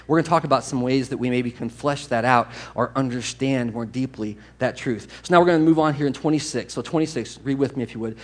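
A man preaching a sermon as pastor in a church, animated and storytelling, at times putting on excited voices. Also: medium pitch, fast, few pauses. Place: church sanctuary.

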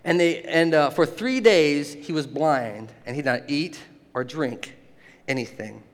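A man preaching a sermon, animated and often laughing, acting out the voices in the story. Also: a little high, unhurried. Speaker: pastor. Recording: long hall reverb.

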